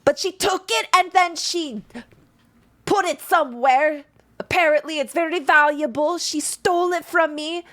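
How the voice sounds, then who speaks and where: A woman voicing an angry, gruff male duergar merchant who curses indignantly. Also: high voice, measured pace, fairly bright tone, voice pushed up. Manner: cursing, indignant.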